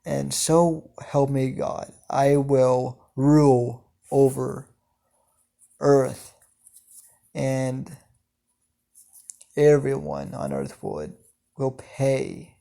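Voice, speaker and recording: A man voicing a sarcastic, malicious male demon, son of the devil, with slow, halting delivery. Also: medium pitch, gravelly, dark tone. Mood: vengeful. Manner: slow, halting, full of ums. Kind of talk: reading a fan story aloud.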